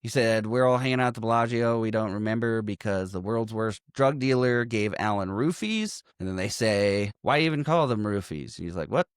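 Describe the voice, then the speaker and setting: An animated man with a lively, swooping voice, retelling a comedy film scene by scene and acting out each line. He swears freely and laughs along, and the room sounds dry. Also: fairly low pitch, normal speed, few pauses, smooth, no echo. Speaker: podcast co-host. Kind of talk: casual movie recap chat.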